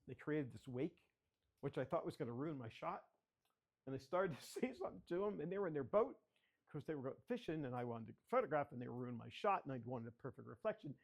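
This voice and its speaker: A man's voice: a little high, darkish tone. Chatty older man showing his photos. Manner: chatty storyteller, asking for the next slide. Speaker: guest speaker, photographer. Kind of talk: slideshow presentation to a club. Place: children's library area.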